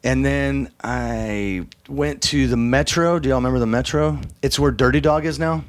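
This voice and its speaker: A man's voice: mid-range voice, normal speed, no echo. Laid-back man telling rambling stories. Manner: loose, profane, rambling storyteller who acts out quoted voices. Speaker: drummer, interview guest. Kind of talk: casual storytelling interview.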